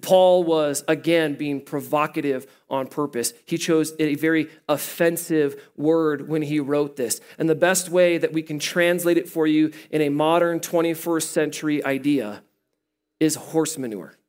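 A man preaching a sermon as pastor, animated and playful, joking with the listeners as he teaches. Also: fairly high pitch, measured pace. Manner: animated, playful, jokes with the congregation.

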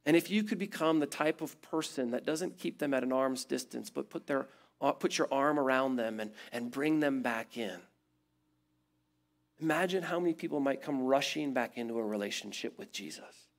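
A man preaching a sermon as pastor, building emphatic repeated phrases and then dropping to a quiet, low close. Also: moderate pace.

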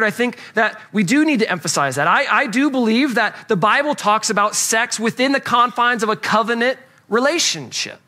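Man, pastor, sermon, high voice, earnest, repeats key phrases. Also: pushed and bright.

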